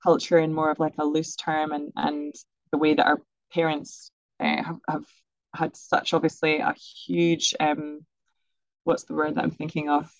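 Chatty quick-talking woman, dry sound. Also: sits low, monotone, no room sound, muffled recording. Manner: chatty, quick, many fillers and laughs. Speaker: sex educator, guest. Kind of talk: casual podcast interview.

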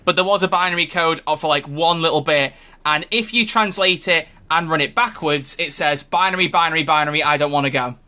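With a fairly high pitch and a sharp tone, this male podcast co-host keeps things casual, joking around and teasing his fellow hosts. He restarts quickly as he talks.

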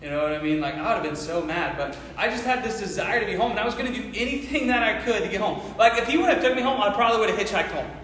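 A man in his thirties with a high voice tells a personal story to a live audience. He is loose and chatty and keeps asking the crowd whether they follow him. The sound carries a long reverb tail from a big hall. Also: lively intonation, racing, few pauses, fairly bright tone. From Ohio, near Cincinnati. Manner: casual, chatty, keeps asking the audience "you know what I mean?". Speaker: speaker addressing an audience. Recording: echoey hall with faint noise.

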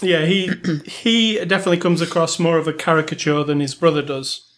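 Easygoing man, higher voice. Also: fairly even intonation, a little fast, a bit bright. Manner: easygoing, hesitant fillers, leads the talk with questions. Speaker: film review podcast co-host. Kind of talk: casual film discussion.

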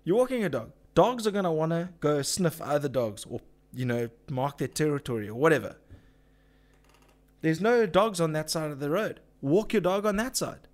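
A man's voice: fairly high pitch, expressive, normal speed. A man, hosting a casual livestream, ranting with swearing and lots of filler words. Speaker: livestream host.

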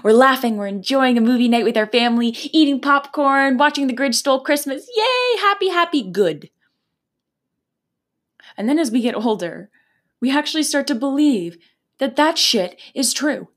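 A young woman from Canada hosting her own spiritual podcast, speaking in an earnest, animated way with casual swearing. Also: high voice, a little fast. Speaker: podcast host. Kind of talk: spiritual motivational podcast monologue.

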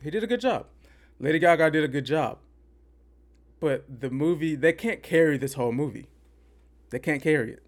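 A man's voice: fairly high pitch, lively intonation, moderate pace, long pauses. A man hosting a podcast, giving an opinionated, rambling movie review and repeating himself for emphasis. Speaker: podcast host. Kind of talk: casual movie review rant.

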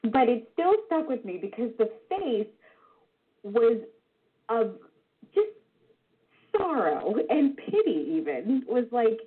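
A woman in her forties, a regular contributor, telling a funny personal story in an animated, self-deprecating way. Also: fairly high pitch, takes it slowly, long pauses, husky. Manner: animated, self-deprecating, with vivid sound words. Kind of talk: personal anecdote told to listeners. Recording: tinny phone-line sound.

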